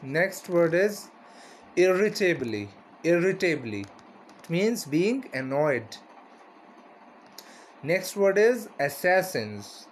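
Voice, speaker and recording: Slow, repetitive male teacher. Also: sits high, very animated, a little hiss or hum. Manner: slow, repeats each word and meaning, asks "right?". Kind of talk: classroom vocabulary lesson.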